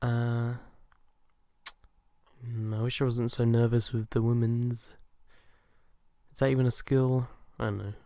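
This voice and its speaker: A man's voice: mid-range voice, flat delivery, measured pace, pauses often, no echo, studio quality. A young man answering fan questions in a casual chat, hesitant and self-deprecating, with lots of ums and uhs. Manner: soft-spoken and shy.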